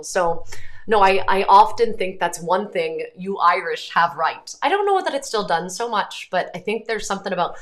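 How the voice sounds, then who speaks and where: A woman's voice: lowish voice, animated, moderate pace, a bit bright. A woman in her thirties hosting a livestream, reading viewer comments aloud and chatting about them in a rambling way, with frequent ums and self-corrections. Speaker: host.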